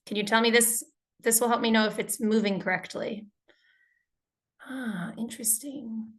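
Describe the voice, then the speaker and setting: An American English teacher runs an online lesson, her fairly high voice coming through her computer mic on a video call. She speaks fairly quickly, friendly and full of energy, interacting with the chat and checking in with her students again and again.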